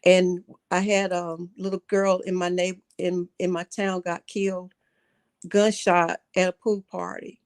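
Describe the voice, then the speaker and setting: A middle-aged woman calling in to a livestream talk show, speaking earnestly and haltingly, often repeating herself. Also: on the low side, flat delivery, smooth. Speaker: caller.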